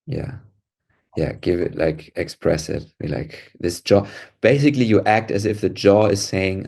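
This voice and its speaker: A man with a deep, gravelly, slightly husky voice leads a calm guided exercise. He speaks gently and patiently, offering short encouraging affirmations as he coaxes feelings out. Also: measured pace. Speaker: podcast co-host guiding an emotional release exercise.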